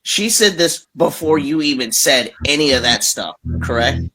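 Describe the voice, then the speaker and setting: A man's voice: fairly high pitch, lively intonation, normal speed, pushed and bright. A man on an online panel asking pressing, direct questions. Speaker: panel participant.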